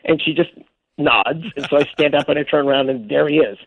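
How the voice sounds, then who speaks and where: Animated man telling a story down a phone line. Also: a little high, fairly quick, creaky, no echo. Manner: animated storyteller who acts out quotes. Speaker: guest architect. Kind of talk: storytelling on a radio call-in show.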